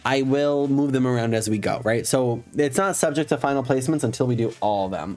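A man's voice: mid-range voice, brisk, hardly any pauses, a little mellow, soft background music. A man in drag on a live stream, chatting casually and campily with his viewers, swearing playfully at them.

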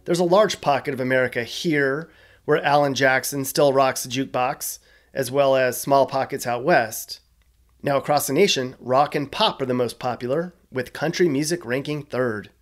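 A man narrates a scripted explainer in a casual, joking tone. His voice sits in a middle pitch, and he drops wry asides between facts. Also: moderate pace. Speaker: host.

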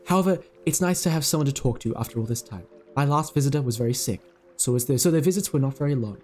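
A man voicing a weary, kindly old female machine mind, reading her game dialogue aloud in a soft, slow way. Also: mid-range voice, expressive, soft background music, natural voice.

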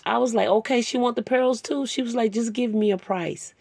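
A woman's voice: fairly high pitch, fairly quick, vocal fry, a little mellow, dry recording. A woman telling a personal story in a sermon-style talk, conversational and emotional. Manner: conversational, rambling with fillers; emotional, tearing up. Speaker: Bible teacher.

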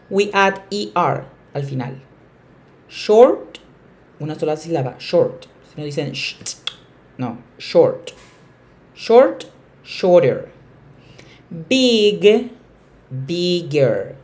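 A woman teacher with a slightly low voice explains grammar with strong emphasis. She repeats key words again and again and slows down to stress each example. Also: darkish tone. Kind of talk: bilingual classroom explanation.

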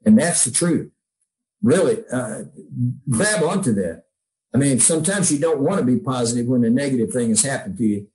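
A man's voice: medium pitch, expressive, normal speed, a little mellow, rough recording. A man, a songwriter, telling heartfelt stories in a casual interview, rambling with many restarts. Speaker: songwriter guest.

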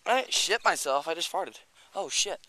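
A man's voice: a little high, animated, moderate pace, pushed and bright. A man vlogging outdoors in rural hills by a creek, filming with a handheld camera, rambling and swearing casually, a little out of breath. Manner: rambling, swears a lot, chatty asides. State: slightly out of breath. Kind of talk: casual walking vlog.

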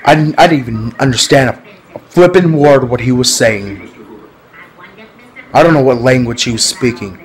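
A man's voice: mid-range voice, normal speed, long pauses, rough recording. A man talking casually to his viewers in a rambling, repetitive vlog, often laughing. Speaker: vlogger.

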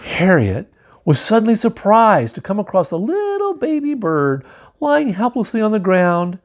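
Male picture-book reader, animated and wry, slightly high voice. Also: normal speed. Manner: wry, joking asides. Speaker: storybook reader. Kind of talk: reading a picture book aloud.

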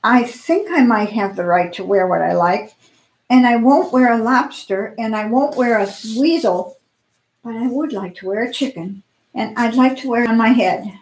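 A woman's voice: on the high side, lively intonation, normal speed, roomy sound, low-quality recording. A woman doing timid Miss Honeycutt, tiny-voiced. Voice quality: soft, tiny voice. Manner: hesitant but gently firm. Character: timid, polite small-town lady.

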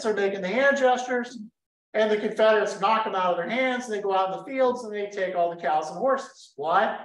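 A man from giving a lively history talk to an audience, telling the story with energy and throwing questions at the room. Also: high-pitched. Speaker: history speaker. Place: lecture room in a history center. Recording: roomy hall, voice picked up from a distance.

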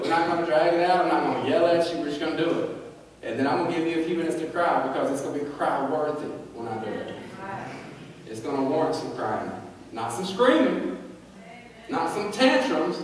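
A man preaching a sermon in a folksy, joking way, swinging between quiet and loud. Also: on the high side. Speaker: pastor. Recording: echoey church hall from far off.

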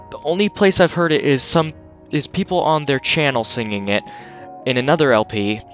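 A man's voice: mid-range voice, a bit bright. A man on a headset mic giving jokey, self-mocking commentary while playing a video game. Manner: jokey, self-mocking, laughs at own jokes. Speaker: let's play host. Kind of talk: gameplay commentary.

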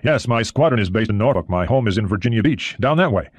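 Man reading brisk american sub commander, matter-of-fact, low voice, dry. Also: expressive, no room sound.

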